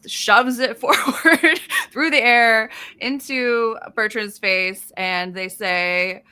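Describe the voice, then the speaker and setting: Woman player, tabletop game, rambling, bright voice. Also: on the high side, slow, smooth. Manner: rambling, laughs often, lots of "like". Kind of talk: describing her character's actions.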